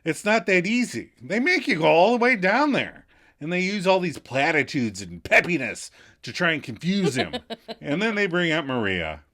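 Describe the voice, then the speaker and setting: A man's voice: on the high side, very animated, normal speed, sharp tone. A man co-hosting a podcast, recapping a TV episode in casual chat, laughing often and adding wry asides. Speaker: podcast co-host.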